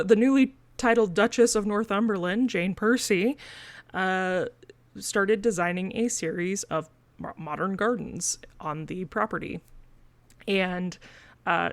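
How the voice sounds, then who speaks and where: Co-hosting a podcast, a woman from Missouri, USA, talks in a relaxed, filler-heavy way with a Missouri accent, laughing between her points. Her mid-range voice moves at a measured pace in a dry recording.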